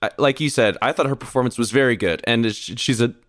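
A man's voice: medium pitch, brisk, a bit bright, no echo, studio quality. A man co-hosting a podcast, chatting casually with frequent laughs and hedges. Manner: chatty, laughs often, hedging with "like". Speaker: podcast co-host. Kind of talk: casual chat about a film.

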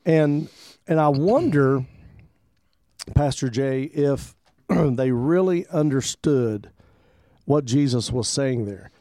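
A man's voice: medium pitch, slow pace, dark tone, dry recording, clean studio sound. A pastor co-hosting a Christian radio talk show, speaking in an easygoing, rambling way and often repeating words while he thinks. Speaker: pastor and co-host.

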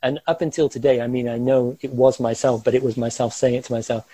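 A man recounts a harrowing experience from his own life, animated and given to quick chuckles. His voice is mellow and a bit husky. The recording is dry and close, with no room sound. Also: medium pitch, no echo, rough recording. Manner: animated, gestures while talking, chuckles through tense moments. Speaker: guest recounting a personal ordeal. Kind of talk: vivid first-person storytelling.

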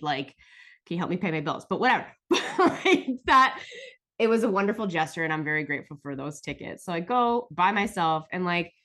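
A woman's voice: low-pitched, a bit bright. Emotional, cursing woman telling a story. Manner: emotional, swearing, lots of "like". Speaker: podcast host. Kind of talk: casual storytelling.

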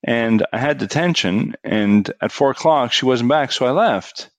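A middle-aged man telling a personal story in a casual, animated way, his voice rising for the punchlines. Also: mid-range voice, measured pace, no echo.

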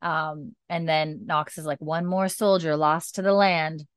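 A woman recaps a show in casual chat, slipping into each character's lines as she goes. Her voice sits on the low side and the sound is dry and close, with no room around it. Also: unhurried, smooth, no echo. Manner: animated retelling, acting out characters' lines, frequent "like". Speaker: podcast co-host recapping a TV episode.

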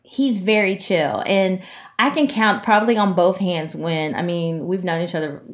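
A woman's voice: lowish voice, moderate pace. Emphatic down-to-earth woman co-host. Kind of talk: casual chat.

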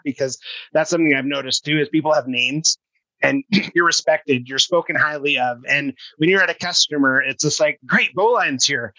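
Upbeat guy hosting a podcast, super bright tone, dry, affirming. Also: fairly high pitch, dry recording, rough recording. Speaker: podcast host. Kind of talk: interview questions.

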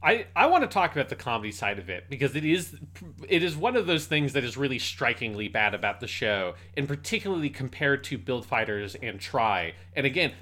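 Bright-voiced man in animated review chat. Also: medium pitch, brisk. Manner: animated, swears freely, acts out quotes. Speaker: podcast co-host. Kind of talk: casual review discussion.

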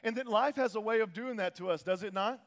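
A man's voice: sits high, fast talker, big-room sound. A male pastor preaching a sermon in a casual, slangy way, repeating phrases for emphasis.

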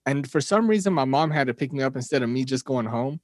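A man's voice: mid-range voice, lively intonation, quick pace, no echo, studio quality. A young man co-hosting a podcast, telling a long story in loose casual chat with many restarts and laughs. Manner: rambling, laughing, frequent restarts. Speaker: podcast co-host.

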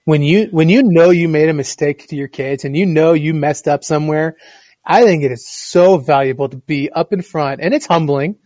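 A man's voice: a little high, normal speed, darkish tone, no room sound. A man, a teacher and guest, talking in an earnest, reflective way in a casual conversation.

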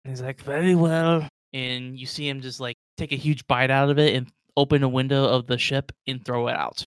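A man's voice: mid-range voice, level tone, fairly quick, a bit bright, clean tone, dry recording. Man narrating a tabletop game. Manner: casual, many fillers like "like". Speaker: game master.

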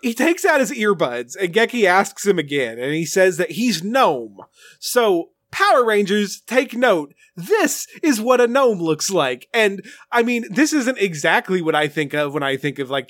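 Man, high voice, very lively pitch, sarcastic recap, dry close recording. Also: dry recording. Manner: sarcastic, profane, laughs often. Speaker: podcast co-host. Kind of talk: casual episode recap.

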